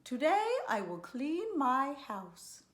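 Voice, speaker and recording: Woman doing a neat-freak farm wife, loud and high, echoey room. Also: big pitch swings, slow, exaggerated voice. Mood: fussy. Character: fussy farm wife obsessed with cleaning.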